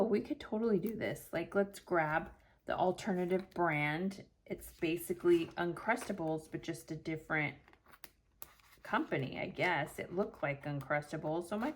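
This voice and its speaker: A middle-aged woman chatting casually at her home craft desk, telling an animated story and acting out what people said. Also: on the low side, a little hiss or hum. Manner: animated, acts out quotes with laughter. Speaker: planner vlogger. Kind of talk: chatty storytelling while decorating a planner.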